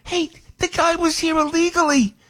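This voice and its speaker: A man hosting a morning radio talk show, rambling and heated, his voice jumping higher whenever he gets worked up. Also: little pitch movement, normal speed, fairly bright tone. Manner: rambling and heated, voice leaps up when outraged.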